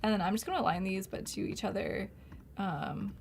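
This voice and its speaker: A woman's voice: mid-range voice, brisk, creaky, slight background noise. A woman hosting a live design stream, chatting and narrating each step with frequent laughs. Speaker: livestream host and designer. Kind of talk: casual live design demo.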